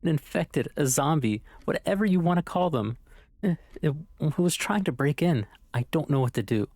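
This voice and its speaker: A man's voice: on the high side, expressive, moderate pace, darkish tone, dry recording, clean studio sound, voice pushed up. A man voicing a frightened young woman who stammers in panic on the phone in a game playthrough. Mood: panicked.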